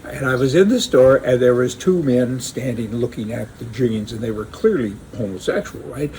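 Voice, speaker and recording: A man's voice: mid-range voice, normal speed, darkish tone. Male commentator, sarcastic and joking, mid-range voice, faint background hiss. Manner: sarcastic, joking, chuckling asides. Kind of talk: opinionated casual monologue.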